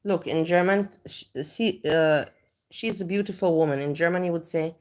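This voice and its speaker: Rambling woman with a low voice. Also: steady tone, normal speed. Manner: rambling, many restarts and fillers. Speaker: livestream host. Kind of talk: casual livestream chat.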